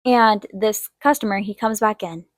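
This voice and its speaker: A young woman hosting an art video, telling a personal story in a chatty way and acting out quotes in a higher voice. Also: moderate pace, no echo, studio quality. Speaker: art channel host. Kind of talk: casual storytelling while drawing.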